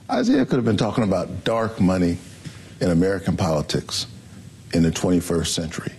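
A man, a pastor and senator, answering an interview with a preacherly cadence, quoting scripture and pausing on um and uh. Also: low-pitched, very animated, darkish tone, husky.

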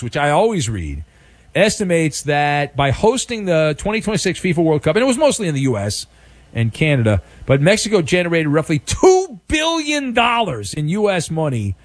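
Wry talk-radio host, lively pitch. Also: male voice, no room sound. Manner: teasing, quick-witted, wry. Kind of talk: casual talk radio banter. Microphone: studio microphone.

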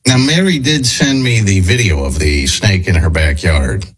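A man's voice: low-pitched, moderate pace. A man hosting a talk show, chatting casually and thinking aloud with restarts and hedges.

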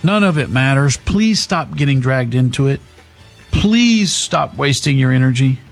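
A man's voice: medium pitch, animated, unhurried, creaky, soft background music. A male talk show host giving opinionated, rambling commentary on sports and politics, emphatic, with frequent restarts.

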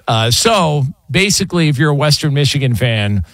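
A man's voice: on the high side, sing-song, normal speed, fairly bright tone, no room sound. A man co-hosting a sports radio show, talking in loose casual banter with lots of fillers. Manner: joking, loose delivery with frequent fillers.

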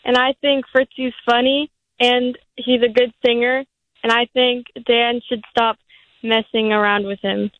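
A twelve-year-old girl calling in to a radio show, speaking shyly and haltingly. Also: fairly high pitch, level tone, no echo. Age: teens. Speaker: caller. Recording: phone line.

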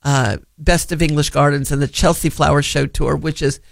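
A man's voice: fairly high pitch, fairly even intonation, normal speed, creaky. A man hosting a gardening radio show, giving casual advice in a chatty, rambling way with many fillers.

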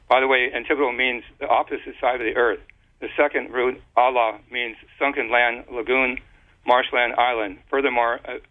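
A man explaining at length in a casual, rambling way, stopping and restarting words often, heard over a phone line. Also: mid-range voice. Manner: rambling, halting with many restarts and fillers.

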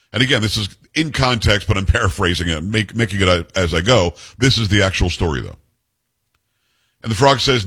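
A male talk radio host taking calls and telling stories in a blunt, forceful way. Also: lowish voice, lively intonation, brisk, breathy edge. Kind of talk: opinionated call-in talk radio.

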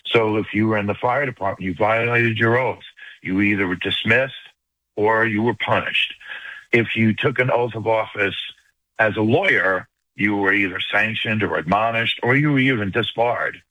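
An older caller with a strong New York accent speaks quickly and emphatically to a radio host. His voice is low and bright with a husky edge. The line sounds dry and close. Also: no echo, poor audio. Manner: fast, emphatic, talks at length. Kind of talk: call-in radio talk.

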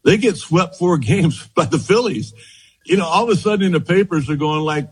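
A man in his sixties, a former pitcher, telling lively anecdotes in an interview and acting out the quotes. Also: normal speed, husky, rough recording. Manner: animated anecdotes, repeats words, acts out quotes. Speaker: former baseball pitcher, guest. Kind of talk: storytelling interview.

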